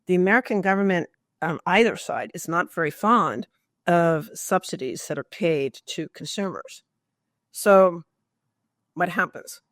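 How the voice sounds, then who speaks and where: A woman guest on an interview podcast, explaining in a measured way with emphatic stress and rhetorical questions. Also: lowish voice, dry recording, studio quality. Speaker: guest expert.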